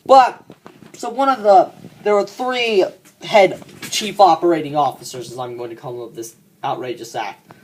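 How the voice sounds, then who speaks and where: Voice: mid-range voice, moderate pace, close to an everyday voice. A fan performer voicing a cocky young man who rants smugly and swears a lot about a coworker, in a comedic monologue. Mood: ranting. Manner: ranting, profane and smug.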